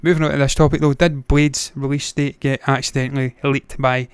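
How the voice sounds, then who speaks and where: A brisk, mid-range male voice with little pitch movement belongs to a movie news livestream host whose casual commentary is blunt, opinionated and full of swearing. It's clean studio sound with a clean tone and no room sound.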